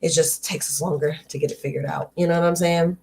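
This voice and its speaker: A woman's voice: low-pitched, steady tone, quick pace, creaky, a little mellow. A woman hosting a live read-aloud stream, reading a book and talking candidly with viewers in a casual, chatty way. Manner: candid and conversational, drifting into riffs and asides to viewers.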